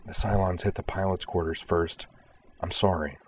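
A man voicing a cautious young female cadet pilot who speaks quietly, in a storybook reading. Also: low-pitched, steady tone, normal speed, slightly rough. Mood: hushed. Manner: quiet, hushed.

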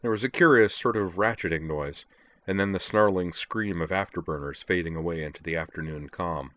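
A man reading a novel aloud in measured, even storytelling narration. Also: low-pitched, dry recording. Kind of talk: audiobook narration.

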